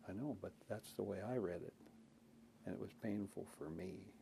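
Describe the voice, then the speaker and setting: Older man with a gravelly folksy voice. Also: on the low side, normal speed, background noise. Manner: folksy, anecdotal, chuckling, acts out quotes. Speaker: interviewee, former senator. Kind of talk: oral history storytelling.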